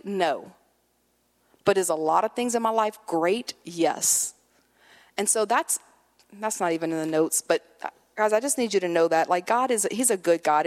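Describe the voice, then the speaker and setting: A woman preaching a conversational sermon, telling lively personal stories and acting out a child's voice. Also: medium pitch. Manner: animated storyteller, acts out her son's voice. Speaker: guest preacher. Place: church sanctuary. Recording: long hall reverb.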